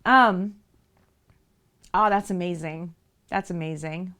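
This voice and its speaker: A woman's voice: on the low side, slow, bright, forceful tone, smooth. A woman live streamer in casual chat, telling a story with animation and speaking straight to her viewers.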